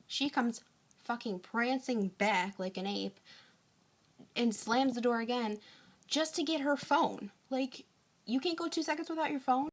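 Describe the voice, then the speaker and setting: A young woman telling a story to her phone camera in a casual rant, tired and hungry, exasperated, acting out both sides of an argument in animated bursts and swearing often. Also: a little high. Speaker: vlogger.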